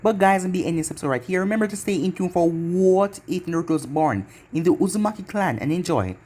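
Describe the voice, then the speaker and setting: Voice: medium pitch, animated, fast talker, darkish tone. A channel host reading a fan-made anime story aloud in long run-on sentences. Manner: run-on, loosely read narration.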